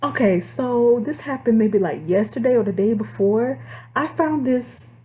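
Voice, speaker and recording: A woman casually telling stories about her phone job to her viewers, chatty and animated. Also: on the high side, unhurried. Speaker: vlogger telling call-center stories. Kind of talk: casual storytelling to camera.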